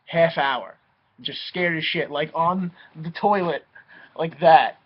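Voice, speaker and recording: A young man tells a wild personal story in a casual, animated way, cursing freely and slipping into voices for the people he quotes. His voice sits a bit high for a man. The recording sounds dull and lo-fi. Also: takes it slowly.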